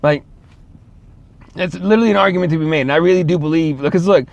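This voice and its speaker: A man's voice: a little high, fast talker, dry recording, highs cut off. A man hosting a casual solo show, rambling and swearing, full of fillers and restarts. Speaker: show host.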